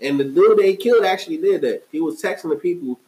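A man's voice: high voice, fast talker, darkish tone. A man co-hosting a casual chat, talking in a laid-back, slangy way and laughing often. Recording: echoey room with background hum.

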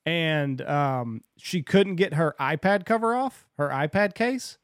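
A man's voice: on the high side, animated, takes it slowly, smooth, no room sound, studio quality. A man co-hosting a casual podcast, teasing and chiming in with short remarks. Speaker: podcast co-host. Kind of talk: casual chat.

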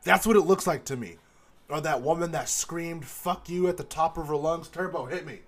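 Animated swearing man ranting on a podcast. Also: on the high side, brisk, background noise. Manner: animated, swears constantly, mimics people he describes. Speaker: podcast host. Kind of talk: profane comedic rant. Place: recording studio booth.

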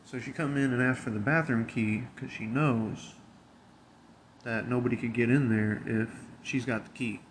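A man's voice: medium pitch, steady tone, moderate pace, a little hiss or hum. Blunt, profane man telling a story. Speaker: convenience store worker. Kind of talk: casual storytelling.

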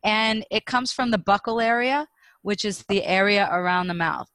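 A woman's voice: medium pitch, moderate pace, no room sound. Dry-sounding woman speaking coach. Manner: demonstrative, shows vocal warm-up exercises aloud. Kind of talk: podcast interview.

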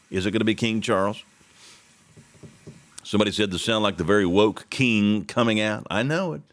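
A man's voice: lowish voice, moderate pace, pauses often, a bit bright. A man hosting a casual morning talk show, reading news items aloud and rambling through his own asides with the odd chuckle.

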